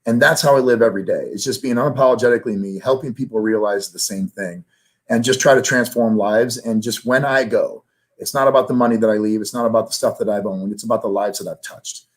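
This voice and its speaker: A man's voice: lowish voice, quick pace. A man as an interview guest, talking earnestly and emotionally about his life, his voice rising when he is moved. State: emotional, near tears. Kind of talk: candid personal interview.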